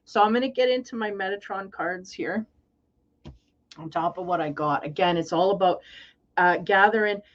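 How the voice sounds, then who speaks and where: A woman's voice: mid-range voice, moderate pace, long pauses, highs cut off. A woman tarot reader giving a casual spiritual reading in a rambling, playful, conversational way.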